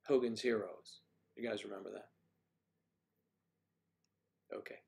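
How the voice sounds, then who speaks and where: An older man hosting a livestream, chatting casually and rambling, thinking aloud with frequent pauses. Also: medium pitch. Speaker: livestream host.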